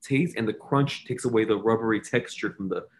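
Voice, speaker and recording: A man's voice: on the low side, a little fast, a little hiss or hum. A man in his twenties, a baker appearing as a podcast guest, chatting casually and stating his points emphatically. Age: 20s. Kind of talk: casual chat.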